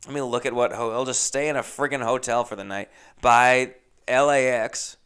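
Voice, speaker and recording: A young man hosting a podcast, telling a casual story with lively asides, acting out other people's lines and swearing freely. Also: mid-range voice, normal speed, clear, resonant tone. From Los Angeles. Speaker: podcast host.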